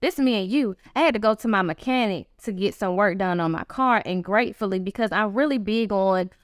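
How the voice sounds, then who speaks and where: A woman's voice: brisk, no echo, clean studio sound. A woman guest telling a personal story in a casual interview, acting out the voices of people she quotes. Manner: animated, acts out quoted voices with big pitch jumps. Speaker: guest author.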